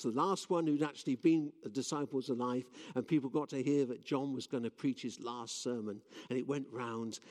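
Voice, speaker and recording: With a mid-range, slightly mellow voice, a male preacher delivers a sermon in a church, earnestly telling stories and frequently starting over. The recording carries the long echo of a church hall.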